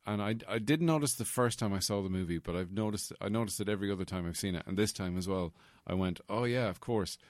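Man, low voice, rambling chat. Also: fast, hardly any pauses, dry recording. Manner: rambling, trailing off with fillers. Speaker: podcast co-host. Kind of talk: casual film discussion.

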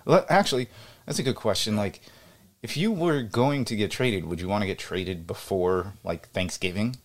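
Man, deep voice, casual rambling co-host, frequent laughs. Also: moderate pace. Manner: rambling, laughs often, drops low when tired. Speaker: podcast co-host. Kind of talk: casual sports chat.

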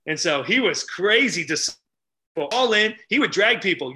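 An energetic middle-aged man telling stories as a podcast guest, acting out the people he quotes. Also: sits high, normal speed. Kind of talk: animated storytelling.

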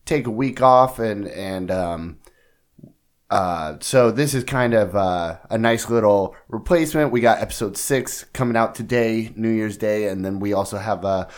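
A man co-hosting a podcast in casual chat, with a raspy voice and an easygoing, laid-back way of talking. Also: on the low side, measured pace. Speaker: podcast co-host. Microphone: studio podcast mic across a table.

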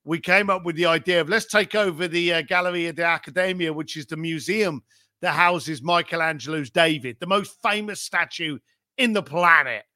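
A man's voice: on the high side, moderate pace, bright, forceful tone, dry recording, studio quality. A middle-aged man, a podcast guest, tells business stories emphatically, firing off rhetorical questions and swearing casually. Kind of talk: animated business storytelling.

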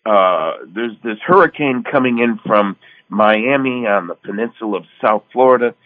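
Older man from the Northeast, low-ish voice, folksy radio co-host, phone-line sound. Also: normal speed. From Connecticut, US Northeast. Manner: folksy storyteller who acts out quoted dialogue. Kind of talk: casual radio chat, storytelling.

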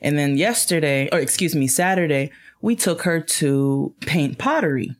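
A young adult woman co-hosting a casual podcast chat, telling stories in an animated way. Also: low voice, normal speed. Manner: animated storytelling with laughs. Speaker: podcast co-host.

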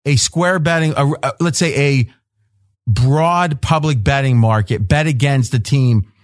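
A man hosting a sports betting roundtable, pressing the others with rapid-fire questions and often cutting in. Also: medium pitch, no room sound, clean studio sound. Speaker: host.

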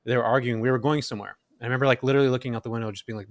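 A man in his thirties from Central Valley, California, a podcast guest telling his story in an animated way and acting out quoted lines. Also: medium pitch, rapid-fire, no echo. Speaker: guest, real estate investor.

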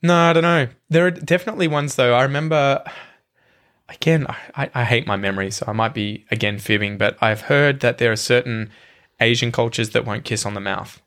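As a podcast guest, an Australian-accented man in his thirties chats casually in a brisk, mid-range, fairly bright voice. He hedges a lot and makes fun of himself.

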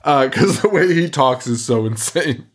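A man's voice: mid-range voice, normal speed, husky. A man co-hosting a podcast, casually recapping a movie, laughing often and acting out lines. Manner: animated, laughing, swearing, acts out quotes. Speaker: podcast co-host.

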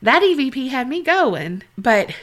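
A woman podcast co-host chatting casually, animated and full of fillers. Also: sits high, unhurried. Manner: animated, lots of fillers and impressions. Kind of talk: casual chat.

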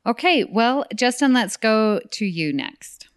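A woman's voice: on the high side, expressive, slow pace, clear, resonant tone, dry recording, clean studio sound. A woman hosting a podcast in casual chat, bubbly and encouraging. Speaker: podcast host.

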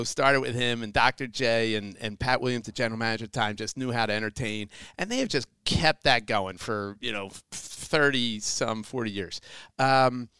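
Man, podcast host, casual chatty talk, clear voice. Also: medium pitch, pushed and bright, dry recording.

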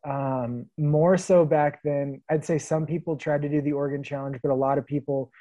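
A man around thirty from the Pacific Northwest, telling stories in a relaxed podcast interview and laughing often. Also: fairly high pitch, normal speed, no echo, muffled recording. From Vancouver, Washington. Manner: easygoing storyteller, laughs often. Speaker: guest, long-distance hiker.

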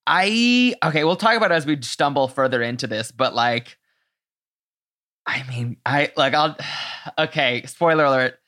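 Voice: medium pitch, expressive, normal speed, sharp tone. A podcast host chatting casually, enthusiastic and loose, with frequent fillers and swearing.

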